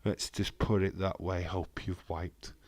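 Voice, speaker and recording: A man with a fairly low voice hosts a live stream from home, bantering and joking as he reads out viewer comments. The sound is dry and close, with no room around it. He talks in a loose, casual way. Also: flat delivery, measured pace, no room sound. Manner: joking banter reading out chat.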